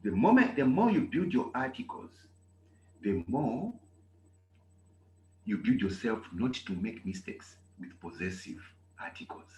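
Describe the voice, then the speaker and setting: A man from Zambia, teaching a German class in an animated way and repeating key phrases. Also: medium pitch, unhurried, pauses often, highs cut off. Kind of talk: online class lecture. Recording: echoey room with faint noise.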